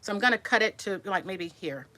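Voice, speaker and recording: A woman's voice: mid-range voice, animated, a little fast, pushed and bright. A woman in her sixties telling a personal story to her viewers in a chatty, rambling way, restarting words and answering comments while resting after surgery. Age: 60s. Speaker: vlogger.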